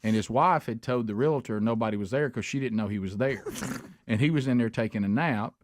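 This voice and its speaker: A man's voice: mid-range voice, brisk, dry recording. A middle-aged man hosting a radio talk show, telling stories in an earnest, conversational way full of "uh" fillers. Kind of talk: talk radio chat and storytelling. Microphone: studio microphone.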